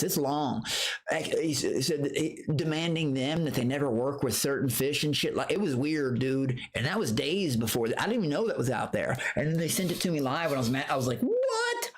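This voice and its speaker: A man streaming live, telling a story in a profane, animated rant, breaking into high outbursts and greeting viewers from chat. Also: a little hiss or hum. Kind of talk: casual livestream rant.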